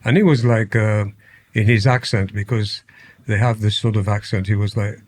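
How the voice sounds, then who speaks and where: A man's voice: lowish voice, normal speed. An older man from Nigeria with a Nigerian accent, a podcast guest telling stories, acting out quotes and laughing often. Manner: animated anecdotes, acts out quotes, laughs often. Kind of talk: casual storytelling interview.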